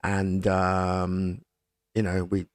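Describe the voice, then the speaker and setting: A middle-aged man, a rock singer and pilot, telling a lively anecdote in casual chat. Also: low voice, drawn-out words, no echo, studio quality. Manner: animated anecdote, lively quoted voices. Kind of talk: casual storytelling.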